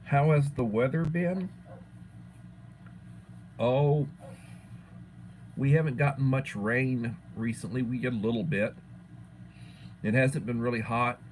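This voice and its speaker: A man's voice: medium pitch, takes it slowly, pauses often, a little mellow, a little hiss or hum, low-quality recording. A middle-aged man from Texas hosting a casual livestream chat, greeting viewers by name and repeating words as he thinks. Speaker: livestream host.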